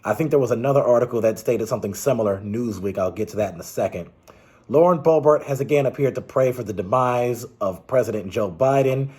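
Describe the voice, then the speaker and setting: A man's voice: medium pitch, fairly quick, a little mellow, husky. A man giving casual, rambling political commentary, exasperated and restarting his sentences often.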